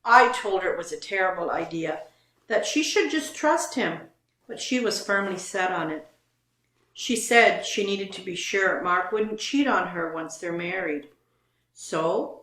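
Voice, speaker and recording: A woman's voice: mid-range voice, a bit bright, reverberant. A woman co-hosting a casual show, reading online posts aloud and commenting on them.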